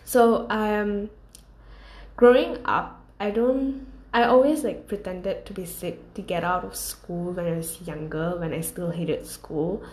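A woman's voice: fairly low pitch, takes it slowly, a little mellow. A young woman telling a casual storytime monologue, rambling and candid, with lots of fillers. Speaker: vlogger. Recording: roomy echo.

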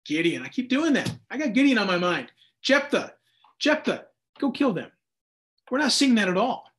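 A man with a notably high speaking voice leads a Bible study in a relaxed, conversational way. He rambles a little, restarts his sentences, and drops into quick acted-out asides. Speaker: Bible teacher. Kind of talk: casual Bible study teaching.

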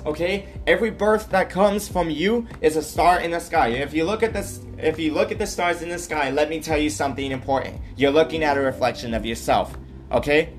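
A man's voice: on the high side, normal speed, faint music behind. A man hosting his own podcast, talking earnestly about his life and often checking in with "right?" and "okay?". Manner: earnest, repeats himself, tags lines with "right?" and "okay?". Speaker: podcast host. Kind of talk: solo personal podcast monologue.

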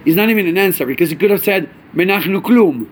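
A man teaching a chassidic Torah class, animated, asking rhetorical questions and mixing in Yiddish and Hebrew terms. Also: sits high, fast, slight background noise.

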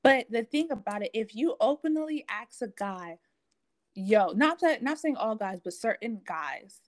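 Teen girl co-host, lively storyteller, slightly high voice, acts out quotes. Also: unhurried. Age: teens. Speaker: podcast co-host. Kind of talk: casual chat.

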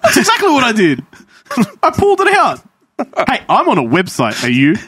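Teasing high-voiced man. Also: huge pitch swings, moderate pace, pushed and bright, slightly rough, no echo, studio quality. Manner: teasing, laughing. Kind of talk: casual chat.

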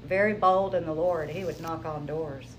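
A woman sharing her personal testimony in an interview, telling it in a lively, conversational way. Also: deep voice, normal speed, dull audio, a little hiss or hum. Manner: animated, conversational storytelling.

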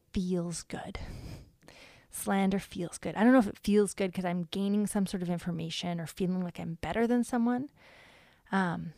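A woman's voice: lowish voice, vocal fry, a little mellow, dry recording, clean studio sound. A woman hosting a faith-based devotional podcast, talking in an earnest, conversational way with frequent ums. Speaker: podcast host.

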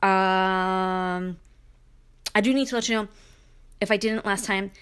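A middle-aged woman hosts her own solo podcast and talks off the cuff. She rambles in a chatty way, with lots of fillers and restarts. Her voice sits at an average pitch for a woman. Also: steady tone, slow, fairly bright tone, smooth. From Brooklyn, New York. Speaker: podcast host. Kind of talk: casual solo podcast monologue.

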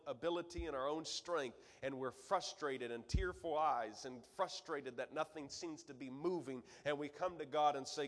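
Fervent preacher in a church hall. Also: male voice, medium pitch. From Michigan, USA. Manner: fervent preaching that swings from loud exhortation to quiet storytelling. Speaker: guest preacher. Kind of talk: sermon. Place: church sanctuary.

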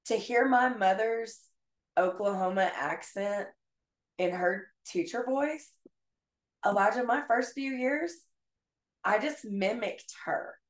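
A woman teacher speaking as a podcast guest, earnest and thoughtful as she reflects. Her mid-range voice carries a roomy echo. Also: mid-range voice. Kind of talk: casual podcast conversation. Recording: roomy echoey sound.

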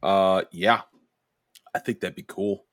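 A man in casual chat, telling crude drinking stories with lots of swearing and animated quoted voices. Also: deep voice, slow pace, dry recording, clean studio sound. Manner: profane storytelling, lively quoted voices.

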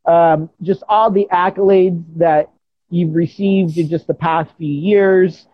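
An enthusiastic interview host speaks in a mid-pitched voice over a video call. The sound is dull and lo-fi. The phrasing is halting and effusive. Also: steady tone. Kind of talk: casual interview conversation.

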